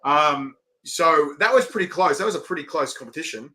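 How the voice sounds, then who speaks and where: A middle-aged Australian man hosts a live-stream chat, rambling and excitable as he reads out viewer comments. His voice is sharp and bright and sits a little high. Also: a little fast. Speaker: host. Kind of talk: casual live-stream interview.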